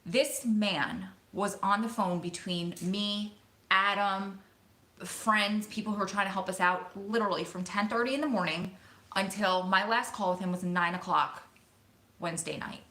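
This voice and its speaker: Bright-voiced woman, excited vlog storytelling. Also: mid-range voice, a little hiss or hum. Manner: excited, emotional, talks fast in bursts. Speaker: vlogger. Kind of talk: casual storytelling to camera. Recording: echoey room.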